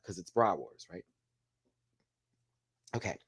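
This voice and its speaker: A man's voice: medium pitch, lively intonation, normal speed, muffled recording. A man hosting a casual show recap, chatty and gossipy, laughing often as he talks. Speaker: host.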